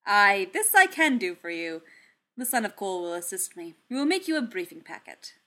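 A woman voicing a hearty male warrior who speaks loudly and formally. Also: mid-range voice, big pitch swings, moderate pace. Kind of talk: audiobook character reading.

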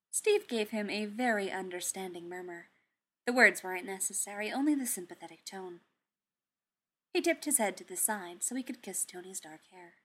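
A woman narrating a piece of fan fiction aloud, with expressive storytelling. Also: medium pitch, moderate pace, breathy edge.

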